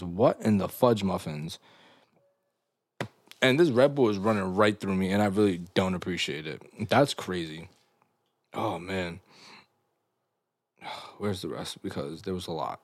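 A young man hosting a podcast, telling stories in a loose, animated way full of slang and laughs. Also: low-pitched, unhurried, long pauses, no room sound, clean studio sound. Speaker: podcast host. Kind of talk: casual podcast chat.

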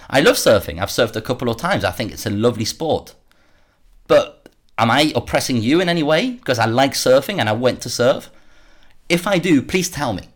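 A man's voice: medium pitch, a bit bright. A man hosting a solo commentary podcast, worked up and sarcastic, often repeating words as he rants. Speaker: podcast host.

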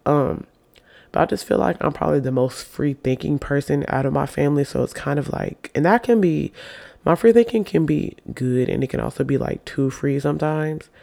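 A man's voice: a little high, moderate pace, gravelly, warm tone. A man in his twenties speaking openly and casually about his own life, cursing now and then. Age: 20s. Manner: open, confessional, swears casually. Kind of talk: candid personal monologue.

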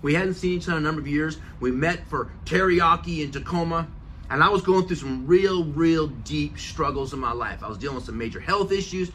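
A man's voice: a little high, brisk, fairly bright tone, a little hiss or hum. A middle-aged man hosting a motivational podcast, earnest and emphatic, repeating key phrases for effect. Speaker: podcast host. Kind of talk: motivational talk.

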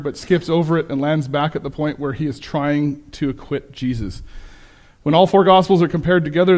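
A man preaching a sermon with slides, conversational and self-correcting, turning animated when he quotes people. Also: on the high side. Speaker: pastor.

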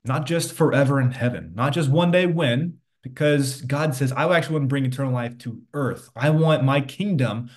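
A man's voice: mid-range voice, moderate pace, hardly any pauses. A man preaching a casual sermon, reading scripture aloud and checking in with listeners. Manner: conversational preaching, quotes scripture, frequent "right?". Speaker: pastor. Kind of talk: sermon to an online audience.

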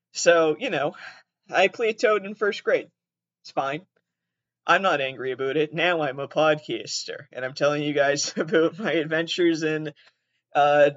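A man's voice: a little high, dry recording, muffled recording. A man with an upper Midwestern, near-Canadian accent hosting a casual solo podcast. He rambles, laughs mid-sentence, swears freely, and pokes fun at himself. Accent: upper Midwestern / southern Canadian. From southeastern Massachusetts. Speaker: podcast host.

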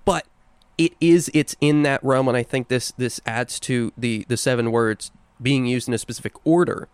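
A man's voice: mid-range voice, moderate pace, clear, resonant tone, no echo. A young man co-hosting a podcast, chatting casually and playfully, savoring the words he talks about. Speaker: podcast co-host. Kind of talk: casual chat.

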